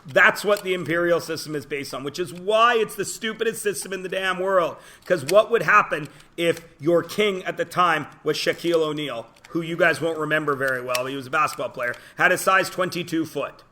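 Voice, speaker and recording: A man's voice: fairly high pitch, fairly quick, few pauses, pushed and bright. A man teaching a classroom lesson, joking, telling stories and quizzing his students. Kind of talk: classroom lecture.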